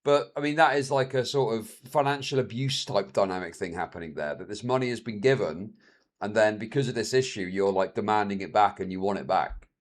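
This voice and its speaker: A man streaming, reacting to a video with crude, sarcastic commentary that swings between mutters and loud outbursts. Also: on the low side, fairly quick.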